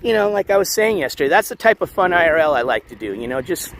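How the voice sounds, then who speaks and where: A man hosting a casual walking livestream outdoors, reading the chat aloud, shouting thanks for donations, and losing his voice. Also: a little high, very animated, fast, creaky. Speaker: livestream host. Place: outdoors on city streets, walking dogs. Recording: faint street noise outdoors.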